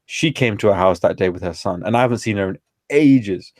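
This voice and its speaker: A man's voice: lowish voice, brisk, a little mellow, dry recording, studio quality. A man, a guest telling stories in a casual, slangy way full of fillers. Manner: chatty, informal, peppered with slang and fillers. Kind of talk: casual storytelling conversation.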